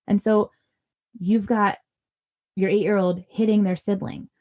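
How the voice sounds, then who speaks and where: A woman's voice: medium pitch, level tone, a little slow, phone-quality sound. A woman in her thirties giving earnest, reassuring parenting advice in a podcast conversation. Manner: earnest and reassuring, acts out parent lines softly. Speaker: parenting guest expert.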